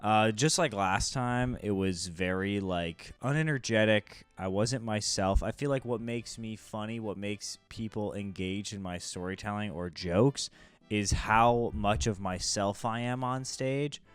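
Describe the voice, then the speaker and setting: Blunt, self-critical young man with a low, smooth voice. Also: unhurried. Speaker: comedian reviewing his own old set. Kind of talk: casual commentary.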